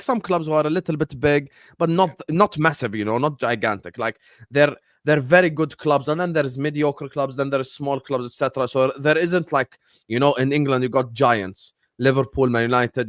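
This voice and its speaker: A man's voice: medium pitch, no echo, clean studio sound. A man co-hosting a casual football fan chat, playful and rambling. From Arab background. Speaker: co-host of a fan show.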